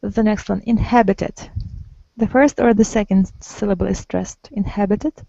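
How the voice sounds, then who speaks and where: A woman's voice: mid-range voice, steady tone, moderate pace, vocal fry, warm tone, no room sound, lo-fi sound. A woman teaching an English lesson to a small group, patiently prompting and correcting her students. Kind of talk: online group language lesson.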